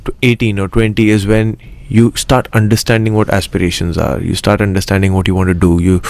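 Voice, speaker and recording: A man's voice: on the low side, flat delivery, brisk, vocal fry, darkish tone, no room sound. A young adult man from Mumbai, a guest in a casual interview, talking eagerly with many restarts and fillers. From Mumbai, India. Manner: eager, rambling with frequent restarts. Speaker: actor guest.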